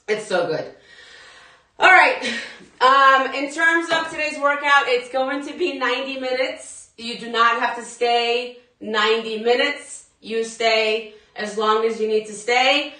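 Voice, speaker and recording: A woman's voice: a little high, slow, pushed and bright. Chatty woman fitness instructor, echoey room. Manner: chatty, laughs often, talks straight to viewers. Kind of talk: live workout class chat. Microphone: phone at a distance. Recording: echoey room, phone mic far off.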